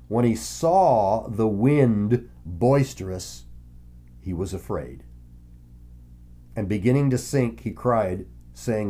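A man preaching a Bible lesson, reading scripture aloud and explaining it in a conversational, animated way. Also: measured pace. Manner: animated, voices the characters with sudden pitch jumps. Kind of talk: Bible teaching sermon.

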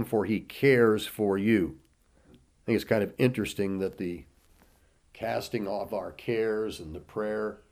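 A man's voice: lowish voice, darkish tone. A man preaching a sermon, reading scripture aloud and asking his listeners rhetorical questions. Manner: reads scripture in King James wording with rising emphasis, asks rhetorical questions.

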